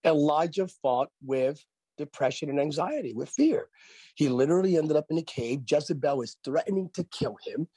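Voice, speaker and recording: A man's voice: a little high, expressive, normal speed, dark tone, breathy edge, no echo. A man who is a pastor and author, speaking as a radio interview guest in an emphatic preaching cadence and repeating phrases for effect.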